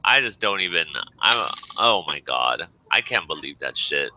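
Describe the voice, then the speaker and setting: A man's voice: sits low, very animated, normal speed, bright, forceful tone, slight background noise, rough recording. A tired man venting and swearing in casual chat, rambling in exasperation.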